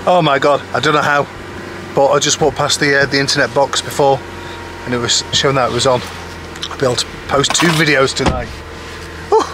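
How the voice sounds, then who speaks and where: A man's voice: medium pitch, fairly even intonation, a little fast. A man chatting to camera in a casual, rambling, self-deprecating way, with lots of ums, as an expat vlogger. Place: outdoors in a village. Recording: outdoor noise with passing traffic.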